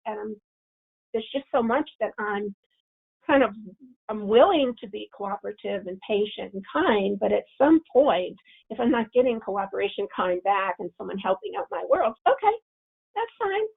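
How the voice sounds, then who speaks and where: A woman's voice: fairly high pitch, lively intonation, moderate pace, creaky, slightly rough. A woman giving a parenting webinar, explaining with example scripts and often restarting her phrases. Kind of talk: webinar talk. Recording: phone-like remote audio.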